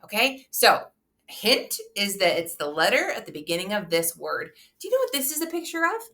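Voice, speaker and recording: A woman's voice: medium pitch, very animated, moderate pace, pushed and bright. A young woman teaching a phonics lesson to small children, upbeat and encouraging, stretching words out in a sing-song way.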